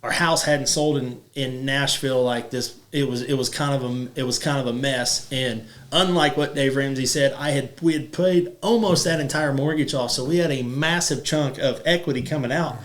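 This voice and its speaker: A man's voice: medium pitch, fairly even intonation, moderate pace, few pauses. A man in his thirties hosting a podcast, talking casually and rambling with lots of "like" fillers. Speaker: podcast host. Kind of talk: casual chat.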